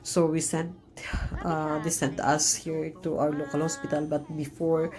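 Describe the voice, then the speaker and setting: A woman vlogger telling a personal story in an earnest, emotional way, halting often with fillers and restarts. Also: low-pitched, little pitch movement, a little mellow, soft background music.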